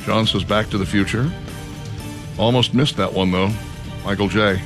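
A man hosting a talk radio show, reading listener picks in a relaxed, drawling way with lots of ums and uhs. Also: on the low side, normal speed, music in the background. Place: radio studio.

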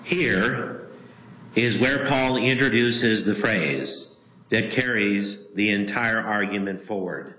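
A man preaching a sermon as a pastor, slow and emphatic, leaning on single words with long pauses. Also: fairly low pitch, pushed and bright, roomy sound, poor audio.

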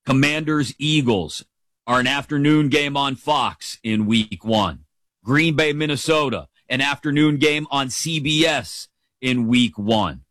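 Brief: male sports host, mid pitch, animated and jokey, very dry close sound. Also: dry recording. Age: adult, father of a teenager. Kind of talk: casual football commentary.

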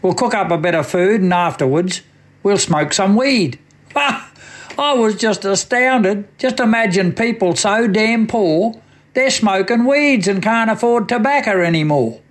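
A man's voice: high voice, animated, measured pace. An Australian man reciting a comic bush poem on the radio like a wry yarn-spinner. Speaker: radio poet.

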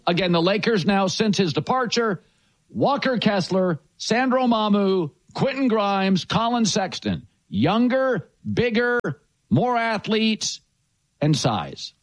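A man's voice: high voice, big pitch swings, unhurried. A man hosting a sports talk show, blunt and emphatic in his opinions.

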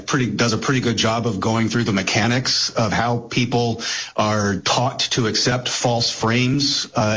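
A man's voice: fairly low pitch, a bit bright. A man as a guest analyst in a talk radio discussion, speaking thoughtfully with frequent hesitations. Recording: dull lo-fi broadcast audio.

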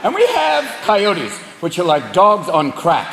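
Animated, profane male stand-up comedian. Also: sits high, measured pace, vocal fry, heavy background noise. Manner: animated, profane, acts out voices. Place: large venue with audience. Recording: echoey live venue, loud crowd laughter.

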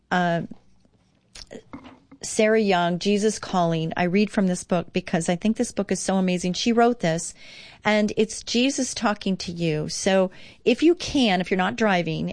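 A middle-aged woman hosts a devotional radio talk show, reading and reflecting in an earnest, encouraging manner that swells with emphasis. Her voice sits at a medium pitch with a slightly mellow quality, and there's no room sound.

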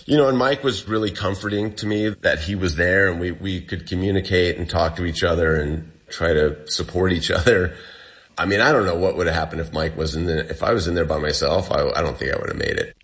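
A man with a very deep voice tells his story as an interview guest. He talks in a loose, casual way, full of fillers, and his pace shifts between rushed and drawn out. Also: a bit bright. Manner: casual storytelling, many fillers, speeds up and slows down. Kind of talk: recounting a personal ordeal.

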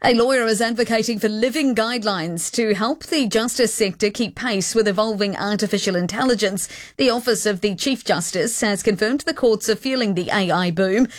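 A woman with a New Zealand accent reading a formal, measured radio news bulletin. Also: medium pitch, no room sound, studio quality. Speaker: newsreader. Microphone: studio broadcast mic.

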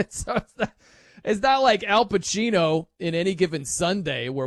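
High-voiced chatty sports radio host man. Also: normal speed, no room sound. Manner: chatty, animated, laughs often. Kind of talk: casual sports talk radio.

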